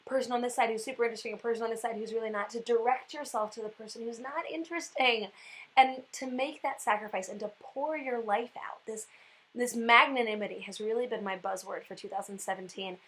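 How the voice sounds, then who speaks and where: Woman vlogger, casual faith reflection, animated, chatty, fairly high voice. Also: fast talker, rough recording. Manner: animated and chatty, many "like" fillers. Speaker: Catholic speaker and vlogger. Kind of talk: casual spiritual reflection vlog.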